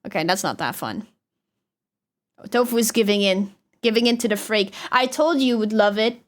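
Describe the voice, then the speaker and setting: A woman's voice: medium pitch, animated, normal speed. A young woman with a Dutch accent, chatting casually on a livestream and reading out chat. She talks loosely, swears and laughs often. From Netherlands. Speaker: streamer.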